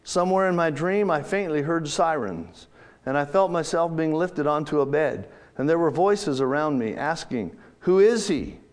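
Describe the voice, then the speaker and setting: Man, slightly high voice, first-person story reading, slow, dramatic pauses, church storyteller.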